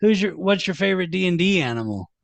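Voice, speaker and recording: A man co-hosting a casual podcast chat, animated and joking, swearing freely. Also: high-pitched, creaky, no room sound. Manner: animated, swearing, quick to joke. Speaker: podcast co-host.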